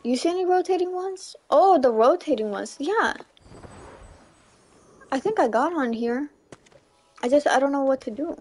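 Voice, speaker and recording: A young woman chatting casually through a gameplay livestream, giggly and chatty, squealing when something excites her. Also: high-pitched, moderate pace, pauses often. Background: faint game music.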